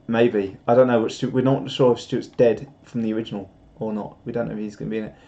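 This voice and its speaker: Self-mocking man, mellow voice. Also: on the low side, fairly even intonation, quick pace, highs cut off. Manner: rambling, self-mocking, laughs often. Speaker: streamer. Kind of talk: casual live-stream chat.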